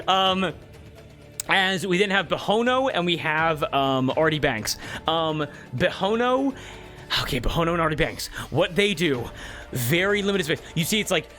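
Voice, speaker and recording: Man game master, bright tone, slightly high, faint music underneath; halting, filler-heavy narration. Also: lively intonation. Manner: hesitant, many fillers and restarts.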